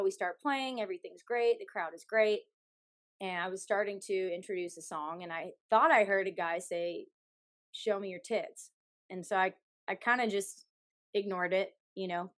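A woman's voice: mid-range voice, no echo. Frank, outspoken woman singer on a dry mic. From Canada. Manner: frank, animated, swears freely, laughs often. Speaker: country singer, podcast guest. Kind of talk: candid interview storytelling.

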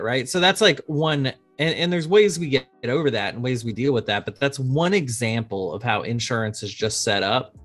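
A man's voice: mid-range voice, normal speed, hardly any pauses, faint music behind. A man in his thirties, an insurance attorney, talking casually in a podcast interview and acting out dialogue as he tells stories. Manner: animated storyteller, acts out quoted dialogue.

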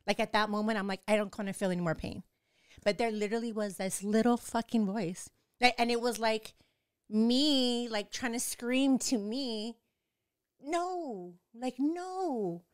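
Young woman telling a raw story, swears a lot, says like constantly, smooth clear voice, dry close sound. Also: mid-range voice, no echo. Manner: raw and emotional, swears freely, many filler "like"s. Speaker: guest telling her story. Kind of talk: candid personal storytelling, casual chat.

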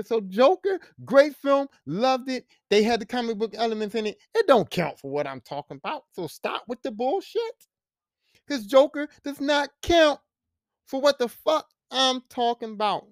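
High-voiced man ranting casually. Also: dry recording, clean studio sound. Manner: animated, profane, emphatic. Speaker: podcast host.

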